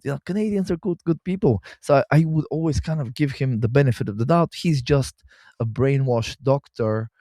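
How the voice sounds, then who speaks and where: A man's voice: medium pitch, dark tone, no echo, clean studio sound. A man hosting a health show, talking in a casual, opinionated monologue that is rambling and scornful, with many fillers and restarts. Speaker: health podcast host.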